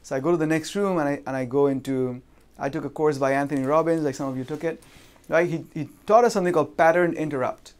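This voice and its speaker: A man speaking into a stage microphone at a seminar, his voice pitched a touch higher than most men's. He tells a personal story in a loose, conversational way and keeps tagging his sentences with "right?". He often breaks off and restarts with "uh" and "um". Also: clean tone. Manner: pauses and restarts with fillers. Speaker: seminar speaker on insurance and real estate. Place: lives in Vancouver.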